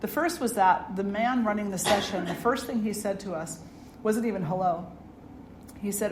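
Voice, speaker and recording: A middle-aged woman, a spiritual teacher, giving an earnest dharma talk and telling stories with gentle humor. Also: mid-range voice, normal speed. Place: ashram hall. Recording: echoey room with faint noise.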